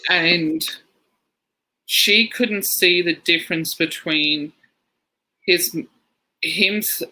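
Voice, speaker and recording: Bright-voiced man telling stories. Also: a little high, extremely slow, low-quality recording. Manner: rambling storyteller, laughs through anecdotes. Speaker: podcast co-host. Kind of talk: casual chat.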